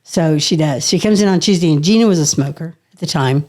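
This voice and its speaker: A middle-aged woman, a guest on a podcast, telling a casual story with lively energy, laughing often and swearing now and then. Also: low-pitched, brisk.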